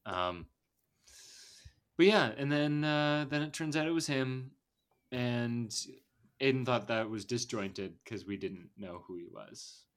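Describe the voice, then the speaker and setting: A man talks through a film's plot on a casual podcast, wandering from point to point. He restarts his sentences often and fills pauses with ums. His voice sits at an ordinary middle pitch. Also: lively intonation. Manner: meandering, lots of fillers and restarts. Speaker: podcast co-host. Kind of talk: casual film discussion.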